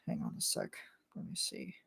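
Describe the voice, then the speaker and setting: A woman's voice: moderate pace, a bit bright, whispered. A woman hosting a casual chat vlog, rambling with lots of filler words and frequent laughs. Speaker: channel host.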